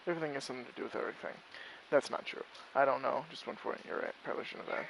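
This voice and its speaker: A man's voice: mid-range voice, very fast, creaky, a crowd in the background, poor audio. A man playing a video game and reading lines aloud with rambling, joking, hesitant commentary. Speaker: gamer playing through the game.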